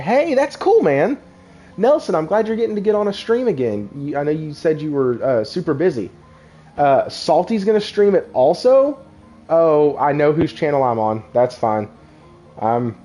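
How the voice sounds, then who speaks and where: Rambling live-stream host, mellow voice. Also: male voice, mid-range voice. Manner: rambling, friendly, laughs often, talks to viewers in chat. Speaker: podcast host. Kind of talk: casual live-stream chat.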